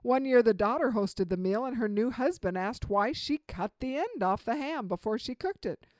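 A middle-aged woman giving an earnest instructional talk, slowing down to stress key points. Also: fairly high pitch, lively intonation, a little mellow, no echo. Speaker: communication speaker.

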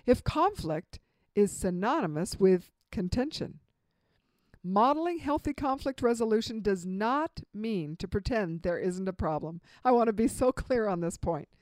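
A woman giving a spoken lecture on marriage advice, with an emphatic, expressive delivery and dramatic pauses. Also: medium pitch, no room sound. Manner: acts out example dialogue in vivid voices. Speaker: marriage relationship speaker.

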